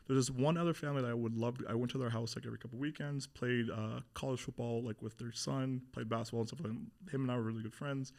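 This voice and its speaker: A man's voice: medium pitch, fast talker, vocal fry, hardly any pauses. A young man, a guest on an interview podcast, candidly telling a personal story, animatedly acting out what others said, with plenty of swearing and fillers. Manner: animated retelling, acting out quoted voices, frequent swearing and fillers.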